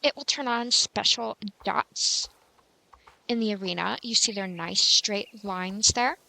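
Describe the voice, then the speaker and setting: A woman talks through a casual game tutorial in a rambling, chatty way, full of fillers. Her voice is bright and has a gravelly edge of vocal fry. She often pokes fun at herself. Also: mid-range voice, takes it slowly, dry recording. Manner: self-mocking.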